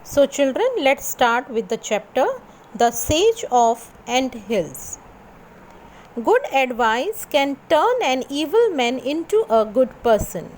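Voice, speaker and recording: A woman's voice: high-pitched, very animated, slow pace, darkish tone, slight background noise. A woman teacher reading a story aloud to a class, repeating and explaining each sentence simply. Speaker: school teacher.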